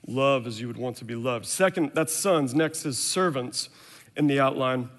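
A man's voice: mid-range voice, normal speed, long reverb tail. A man in his thirties preaching a sermon, telling a candid story about his own family and acting out what everyone said. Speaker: pastor.

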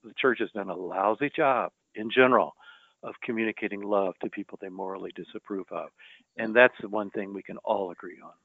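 A male journalist, a guest in a conversation, retelling anecdotes in a measured, storytelling way. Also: fairly low pitch, no echo. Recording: tinny phone-like line, dry.

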